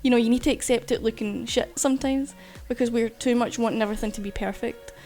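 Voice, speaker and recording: Over soft background music, a woman artist chats casually on stream through a desk mic, rambling with frequent fillers and easy swearing. Her voice is on the high side, mellow and fast, with fairly even intonation.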